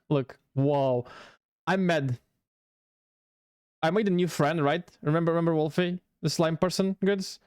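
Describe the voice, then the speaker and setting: A man streaming live, chatting casually with his viewers in an excitable, rambling, playful way and swearing freely. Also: high-pitched, no echo, studio quality.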